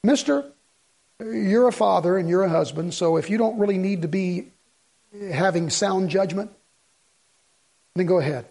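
Husky, high-voiced man preaching emphatically. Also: moderate pace, pauses often, a little mellow. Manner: folksy, emphatic preaching with rhetorical questions. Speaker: pastor. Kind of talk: sermon.

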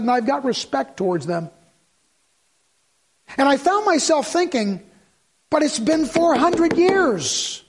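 A man preaching a sermon in a conversational way, asking the congregation rhetorical questions and sometimes dropping to a soft, low voice for emphasis. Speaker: pastor.

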